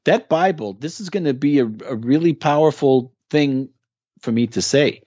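A man's voice: on the high side, moderate pace, warm tone, slightly rough, no room sound, dull audio. A man talking as a guest in a casual interview, explaining with earnest emphasis. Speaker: guest musician.

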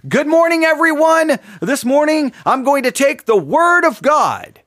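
A man playing a booming pulpit preacher. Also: lively intonation, a little slow, no echo, clean studio sound, exaggerated voice. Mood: proclaiming. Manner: booming and emphatic, raised to a shout. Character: male preacher proclaiming from the pulpit, fervent.

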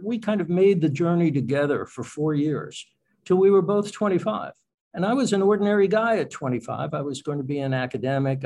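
A man's voice: fairly high pitch, creaky, darkish tone. A man, an author and poet, talking about his craft in an interview with a chatty, self-deprecating manner. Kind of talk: radio interview conversation.

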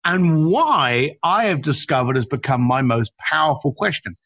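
A man, a podcast guest telling animated stories and acting out the people he quotes. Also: on the high side, moderate pace, breathy edge. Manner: acts out quoted people, emphatic, repeats words. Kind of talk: animated storytelling.

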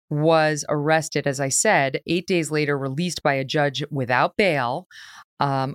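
A woman's voice: low voice, no echo, clean studio sound. A woman from New York hosting a political interview, pressing her guest with probing questions. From New York State. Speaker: podcast host.

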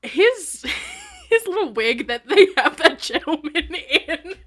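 Giggly woman on a podcast, high bright voice, keeps correcting herself. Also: big pitch swings, takes it slowly. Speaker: podcast co-host. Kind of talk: casual chat.

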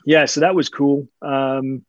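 A man, telling stories casually in an interview, relaxed and rambling with many fillers and restarts. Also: medium pitch, measured pace, dry recording. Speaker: interview guest, dog handler and tracker. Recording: slightly dull lo-fi sound.

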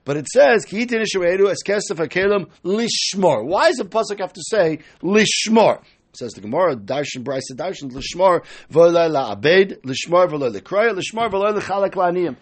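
Husky, high, animated Talmud teacher. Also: male voice, normal speed. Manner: explains step by step, acting out quoted speakers. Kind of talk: Talmud study lecture.

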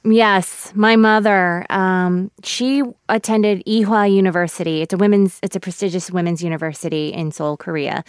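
A woman actor in her thirties being interviewed on radio, thoughtful and halting with soft laughs, close to tears. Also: fairly low pitch, fairly even intonation, clear, resonant tone, dry recording. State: emotional, near tears.

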